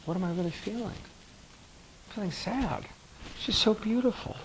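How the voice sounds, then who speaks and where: A man's voice: unhurried, a little hiss or hum, rough recording. A man voicing a hurt, vulnerable lover. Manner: soft, tender, high and quiet.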